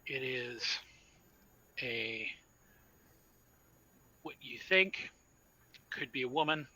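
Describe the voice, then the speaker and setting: A man narrating as storyteller in a tabletop role-playing game, describing scenes in a measured way. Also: medium pitch, expressive, pushed and bright, low-quality recording.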